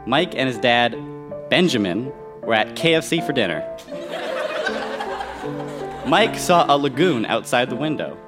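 A young man reading his childhood story aloud to an audience, dropping dry, deadpan asides. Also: medium pitch, unhurried, long pauses, music in the background. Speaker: guest reader. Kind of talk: comic reading of childhood writing on stage. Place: live stage with an audience.

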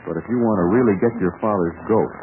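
An actor playing a confident young adventurer who coaxes and flatters, in 1940s radio acting. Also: male voice, fairly low pitch, fast, natural voice. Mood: coaxing. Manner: coaxing, flattering. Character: smooth, confident young male adventurer, coaxing. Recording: tinny old radio broadcast with faint hiss.

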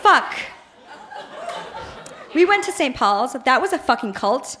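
A woman's voice: high-pitched, sing-song, slow, bright, forceful tone, slight background noise. A woman reading her teenage journal aloud on stage at a live show, in a pleading, melodramatic way. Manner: pleading, melodramatic teen outbursts. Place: live bar venue.

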